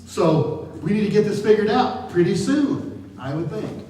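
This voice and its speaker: A man's voice: sits high, expressive, unhurried, dark tone. Joking man in an echoey hall. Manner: jokey and chatty, often laughing. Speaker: guest speaker at a live seminar. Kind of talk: casual seminar talk to a live audience. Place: large room with an audience. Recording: distant, echoey hall with noise.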